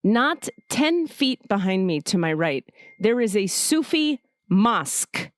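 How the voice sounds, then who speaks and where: Woman host, swearing storyteller, mid-pitched voice, dry close mic. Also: slow, dry recording. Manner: emotional, profane, animated storytelling. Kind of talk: casual storytelling.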